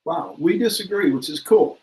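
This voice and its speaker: A man co-hosting a sports talk show speaks in a fairly high voice and keeps it lively, laughing easily as he argues. He reads listener comments aloud and jumps between opinions. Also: normal speed, low-quality recording. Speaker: podcast co-host.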